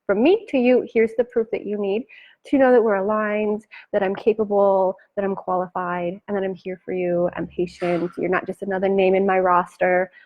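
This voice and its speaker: A woman business coach giving a chatty, animated live talk, acting out her clients' lines and laughing often. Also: mid-range voice, normal speed, muffled recording.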